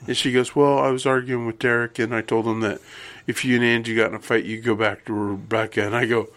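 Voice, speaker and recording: A man's voice: mid-range voice, steady tone, fairly quick, fairly bright tone. A man telling stories in casual chat, wry and dry-humored, acting out the people he quotes. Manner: wry, storytelling with quoted voices.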